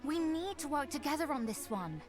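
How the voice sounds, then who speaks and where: A woman's voice: sits high, very animated, a little fast. A woman voicing a kind, sensible female fairy in a game, talking earnestly and persuasively, with game music behind her.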